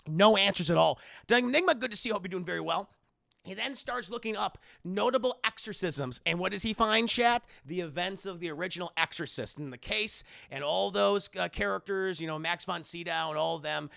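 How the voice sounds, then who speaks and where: A man recapping a TV episode on a live stream in a casual, animated, profane way, often addressing his chat. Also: sits high, fairly quick, creaky, no echo, studio quality. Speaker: streamer and TV reviewer.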